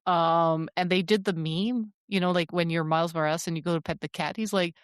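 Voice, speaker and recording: Lady, lowish voice, chatty podcast host rambling about games, dry close sound. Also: brisk, clear, resonant tone, no echo. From French Canada. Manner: chatty and animated, with many fillers. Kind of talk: casual podcast chat.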